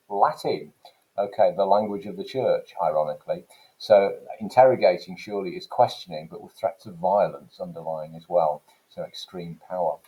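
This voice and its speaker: A man's voice: deep voice, dark tone, poor audio. A man who teaches English, explaining to students and asking them questions along the way. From England. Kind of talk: recorded classroom lesson.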